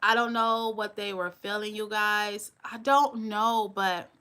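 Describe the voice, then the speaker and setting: Blunt woman livestream host, bright voice. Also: medium pitch, fairly even intonation, measured pace. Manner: candid, blunt, talks straight to viewers. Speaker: channel host. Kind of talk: live-stream chat.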